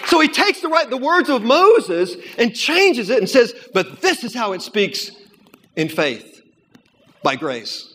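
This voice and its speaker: A man preaching a sermon, moving between quiet storytelling and loud, climbing emphasis. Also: very high-pitched, sing-song, measured pace, slight background noise. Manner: builds from hushed storytelling to loud, rising preaching.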